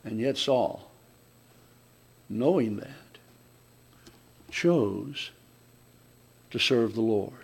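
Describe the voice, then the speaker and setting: A man preaching a conversational sermon, often restarting his sentences and swinging between loud emphatic lines and quiet asides. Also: medium pitch, animated, very slow, creaky, long pauses, breathy edge.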